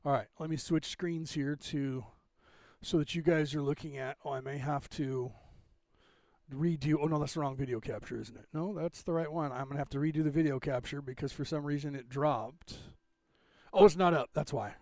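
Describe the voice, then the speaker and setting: Higher-pitched man rambling on a livestream. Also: steady tone, normal speed, a little mellow, no room sound, clean studio sound. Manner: rambling, self-interrupting while fixing tech. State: clearing throat, phlegmy. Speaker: livestream host. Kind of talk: casual livestream chat.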